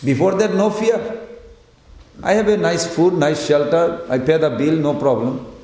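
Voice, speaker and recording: A man's voice: a little high, a little slow, mellow. A man giving a devotional lecture, telling stories and voicing the people in them. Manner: storytelling, quotes figures in their voices; chants Sanskrit verses. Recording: echoey hall.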